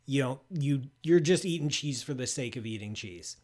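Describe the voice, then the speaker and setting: In a mid-range, slightly mellow voice with lively intonation and normal speed, a man hosts a live science show. As the astrophysicist behind a call-in space program, he chats casually on stream, tasting food with playful enthusiasm and using plenty of "like" and restarts.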